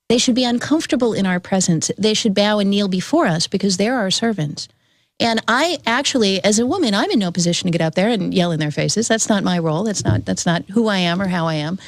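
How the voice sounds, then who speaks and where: A woman's voice: mid-range voice, no room sound, clean studio sound. A woman guest on a talk show, speaking earnestly and firmly, with admiring praise for the host.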